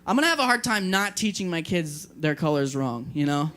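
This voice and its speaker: High-voiced young male stand-up comic. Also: brisk, slight background noise. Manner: animated, acts out scenes with a raised, scolding voice. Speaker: stand-up comedian. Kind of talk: stand-up comedy set. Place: party venue with live audience.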